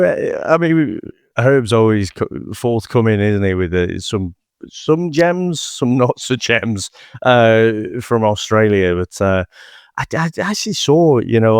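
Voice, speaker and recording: Deep-voiced rambling male podcast co-host. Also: expressive, a little slow, clear, resonant tone, no echo, clean studio sound. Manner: rambling, many "you know" fillers and restarts. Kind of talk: casual film-podcast chat.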